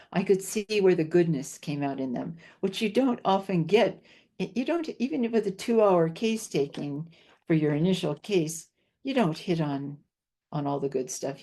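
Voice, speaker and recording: Low, mellow older woman guest. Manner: earnest, reflective, repeats key phrases for emphasis. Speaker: podcast guest, homeopath. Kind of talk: interview conversation.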